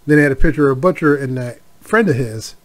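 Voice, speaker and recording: A man's voice: mid-range voice, fast. A middle-aged man hosting a casual solo podcast, rambling with many fillers and asides. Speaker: podcast host.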